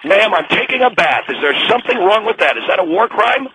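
Man voicing a conceited rich bather, quick and lively in pitch, dismissive, on a noisy talk-radio feed. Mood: condescending. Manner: arrogant, dismissive, petulant. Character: smug rich businessman in a bathtub. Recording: radio broadcast with background noise.

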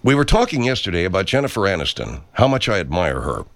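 Brief: man, low voice, very animated and self-important promo read, dry close sound. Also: fast, creaky, no echo. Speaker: self-help radio personality recording promos. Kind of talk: improvised comedy sketch.

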